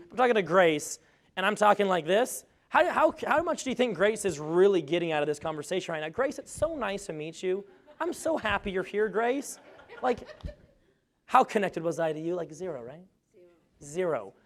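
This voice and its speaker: A man with a fairly high voice giving an energetic talk to a live audience. He jokes often and pokes fun at himself as he makes his points. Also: moderate pace. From grew up on a farm. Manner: energetic, joking, self-deprecating. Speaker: speaker on webinar marketing.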